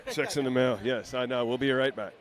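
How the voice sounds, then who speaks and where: A man's voice: mid-range voice, steady tone, fairly quick. A man hosting a podcast interview outdoors at a convention, giving short friendly reactions and wrapping up with the guest. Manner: friendly, brief reactions and wrap-up prompts. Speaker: podcast host. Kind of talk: casual interview.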